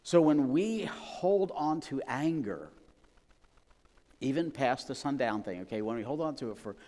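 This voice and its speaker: A man's voice: medium pitch, lively intonation, unhurried, dark tone. A man preaching a sermon as pastor, casual and storytelling, often laughing and acting out voices. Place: church sanctuary. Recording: long reverb of a church hall.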